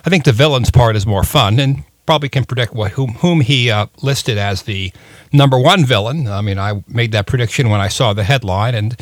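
A man hosting a talk radio show, chatting and joking with his guest in a relaxed, halting way. His voice sits at an ordinary middle pitch and sounds dry and close to the mic. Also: dry recording. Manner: chatty, jokey, halting with fillers. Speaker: radio host.

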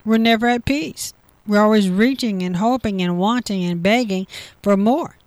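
A woman's voice: mid-range voice, moderate pace, darkish tone, no room sound. Woman reading and explaining Bible verses. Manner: reads verses aloud then explains with repetition. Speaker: Bible teacher. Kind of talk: devotional Bible reading and commentary.

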